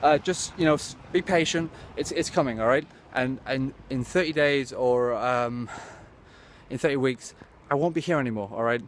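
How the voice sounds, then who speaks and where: A man ranting in a rambling, sweary, deadpan way as a comic monologue to camera. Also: mid-range voice, moderate pace. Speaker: comedy vlogger. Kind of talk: absurd comic rant to camera. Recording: clear traffic noise outdoors.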